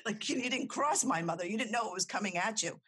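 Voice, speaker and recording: Husky woman. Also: medium pitch, animated, quick pace, pushed and bright. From New Jersey / New York. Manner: rambling, lots of fillers and restarts, laughs often. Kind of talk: casual chat.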